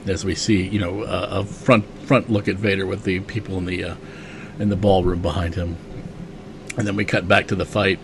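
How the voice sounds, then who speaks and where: A man's voice: deep voice, flat delivery, moderate pace, creaky, noisy background. A man hosting a podcast, recapping a comic casually with enthusiasm, lots of "you know" and chuckles. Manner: enthusiastic, chuckling, many fillers.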